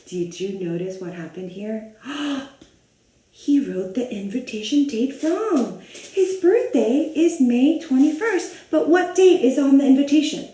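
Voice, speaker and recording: A woman reading a picture book aloud to children, animated, gasping and asking the listener questions. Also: high-pitched, a little slow, far from the mic. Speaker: storybook reader for children. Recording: roomy echo.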